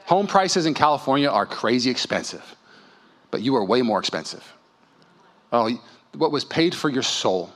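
A male pastor preaching a sermon at a church service, telling stories and acting out voices with lively energy. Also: medium pitch, normal speed, long pauses. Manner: animated storytelling, acts out dialogue.

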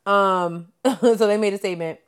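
A woman's voice: mid-range voice, moderate pace, clear, resonant tone. A woman co-hosting a podcast, reading news stories aloud in casual chat with stumbles and asides. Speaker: podcast co-host.

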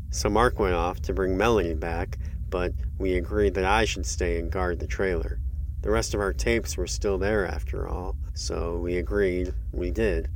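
Deep-voiced man narrating a horror story. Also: creaky, a little mellow, slight background noise.

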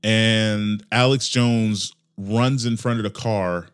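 Man, comedy podcast host, ranting monologue, swings between loud and quiet, swears a lot. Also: fairly low pitch, slow pace, smooth. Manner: animated, profane ranting with mock voices.

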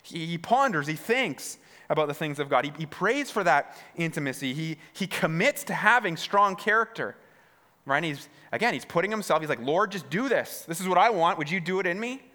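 Pastor preaching in a reverberant hall. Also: male voice, on the high side, animated, brisk, pushed and bright. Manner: repeats words, stammering restarts; talks straight to the congregation with questions. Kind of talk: sermon. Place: church hall.

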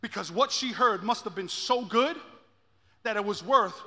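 A man preaching a sermon as pastor, moving from quiet intensity to shouted peaks and repeating his phrases. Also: high voice, normal speed, in a large hall.

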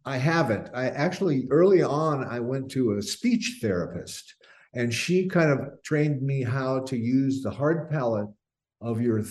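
Older male singer, interview guest, rambling storyteller, mid-pitched voice. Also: a little slow. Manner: rambling, restarts often, animated when telling stories. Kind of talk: casual interview chat.

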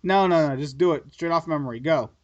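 A man hosting a podcast, teasing his co-host in quick casual banter. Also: a little high, highs cut off. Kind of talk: casual chat.

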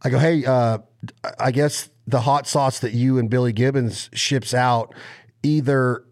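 Excitable storytelling man. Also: medium pitch, unhurried. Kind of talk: casual chat.

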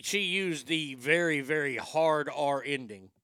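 A middle-aged man working a stand-up crowd with a crude, animated delivery. His voice is bright and forceful, pitched a touch high for a man, and the sound is close and dry with no room around it. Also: slow, few pauses, smooth, dry recording. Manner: crude, animated, acts out quotes. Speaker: stand-up comedian. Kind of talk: stand-up storytelling.

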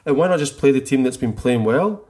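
A man's voice: medium pitch, animated, fairly quick, a little mellow. A middle-aged man co-hosting a casual football chat, enthusiastic and rambling, often restarting his sentences. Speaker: podcast co-host.

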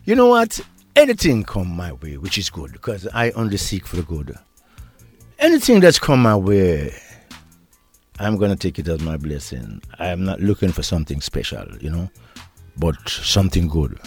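A man's voice: deep voice, huge pitch swings, moderate pace, darkish tone, slightly rough. An older man with a Jamaican accent, a reggae deejay giving an interview and reminiscing in a laid-back way, laughing often. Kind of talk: relaxed reminiscing conversation. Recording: interview with faint music behind.

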